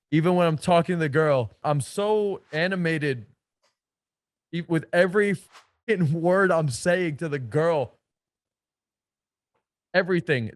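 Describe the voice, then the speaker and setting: A man's voice: fairly high pitch, dry recording, clean studio sound. A man giving a casual coaching talk as a dating coach, blunt and slangy, with frequent swearing and emphatic stresses.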